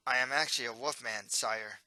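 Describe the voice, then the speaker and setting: A man voicing a polite, calm male wolfman in a storybook reading, in a voice close to his own. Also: mid-range voice, brisk, no echo, rough recording. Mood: respectful.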